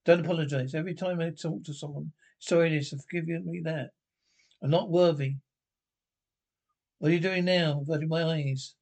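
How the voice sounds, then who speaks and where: A man's voice: a little high, fairly even intonation, moderate pace, creaky, a little mellow. A man playing an irritable, scolding God. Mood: irritated. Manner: scolding, impatient. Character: weary, irritable God speaking from the clouds.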